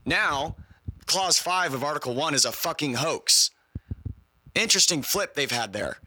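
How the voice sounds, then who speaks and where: A man's voice: fairly high pitch, animated, measured pace, bright, forceful tone, slight background noise, poor audio. A man co-hosting a podcast, chatting casually and lecturing in profane asides. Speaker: podcast co-host.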